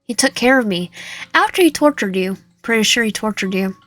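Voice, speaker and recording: A woman's voice: fairly high pitch, lively intonation, brisk, fairly bright tone. A woman playing a visual novel, reading it aloud with musing asides. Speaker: gamer.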